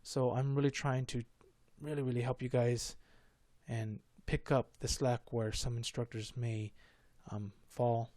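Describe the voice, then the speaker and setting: A man's voice: medium pitch, little pitch movement, unhurried, darkish tone, no room sound. Stuttering, rambling male math tutor. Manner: rambling, stuttering, self-correcting. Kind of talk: casual math lesson.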